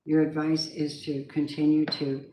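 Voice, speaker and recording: A woman's voice: low-pitched, flat delivery, moderate pace, dark tone. Chatty woman reading tarot, echoey room. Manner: chatty and emphatic, with spiritual asides. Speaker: tarot reader. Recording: echoey room, faint background noise.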